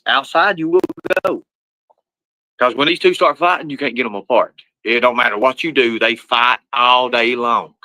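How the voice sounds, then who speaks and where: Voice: mid-range voice, normal speed, pushed and bright, poor audio. A livestreamer, talking casually and profanely while scolding pets. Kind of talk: casual live-stream chat.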